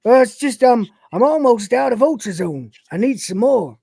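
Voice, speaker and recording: A podcast host putting on the voice of a dim, drug-happy male mechanoid with a slow country drawl. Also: medium pitch, lively intonation, gravelly, mellow, slightly rough, no echo, clean studio sound, pitched above the performer's own voice. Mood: dopey. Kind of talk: retelling an episode in character.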